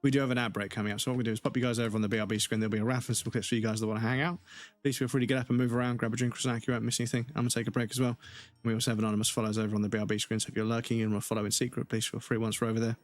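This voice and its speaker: A man's voice: fairly low pitch, flat delivery, rapid-fire, hardly any pauses, no echo. A man streaming himself playing a video game, chatting casually, swearing freely, laughing often and drifting into rambling asides. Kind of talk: casual gameplay livestream chat.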